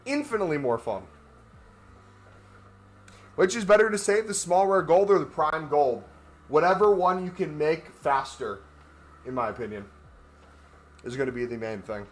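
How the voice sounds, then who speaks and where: A man's voice: fairly high pitch, animated, normal speed, a little hiss or hum. A man chatting casually on a gaming livestream, rambling and joking while he walks on a walking pad. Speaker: gaming streamer.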